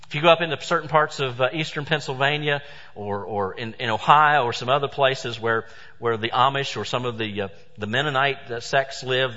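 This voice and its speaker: A man preaching a sermon as pastor, stressing points loudly and then dropping to hushed asides. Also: medium pitch. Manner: emphatic preaching, swings between loud stresses and hushed asides. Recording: dull sound with long hall reverb.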